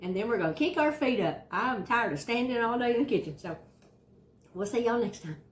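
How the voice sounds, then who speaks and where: A woman's voice: on the high side, animated, brisk, echoey room. A woman with a Southern US accent hosting a casual home cooking show, chatting in a folksy, encouraging way from her kitchen. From Southern United States. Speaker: cooking channel host.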